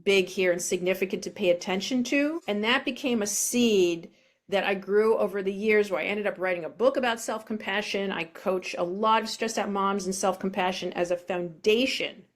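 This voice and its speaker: A middle-aged woman coach speaking gently and reflectively as an interview guest, over a video call from home. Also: mid-range voice, normal speed. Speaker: self-compassion coach. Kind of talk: interview guest, casual explanation.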